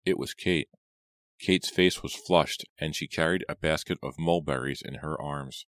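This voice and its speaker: A man narrating an audiobook in a measured, even storytelling manner. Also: rumbling low, no room sound, clean studio sound. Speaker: audiobook reader.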